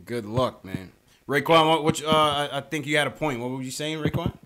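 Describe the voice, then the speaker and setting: A man hosting a call-in sports podcast, talking in a relaxed, chatty way and often adding "man". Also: fairly high pitch, brisk, noisy background. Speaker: podcast host. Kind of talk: casual sports talk.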